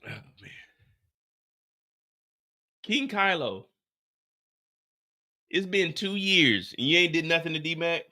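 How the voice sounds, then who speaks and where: Man, comedic recap host, profane, mock-dramatic, bright forceful voice. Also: a little high, animated, takes it slowly, pauses often. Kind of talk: comedic TV episode recap rant.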